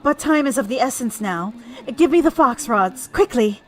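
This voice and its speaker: A woman doing a breathy, earnest warrior priestess. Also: on the high side, animated, moderate pace. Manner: urgent, earnest.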